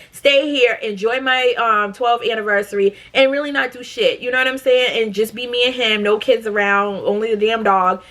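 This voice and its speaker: Blunt, cussing woman vlogger, bright voice. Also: a little high. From Massachusetts. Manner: blunt, profane, animated ranting. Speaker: storytime vlogger. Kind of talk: casual storytelling to camera.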